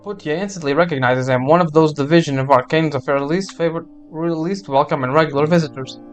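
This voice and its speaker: Streamer: a man reading game text, chatty, slightly higher voice. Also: quick pace, soft background music. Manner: chatty, wry commentary.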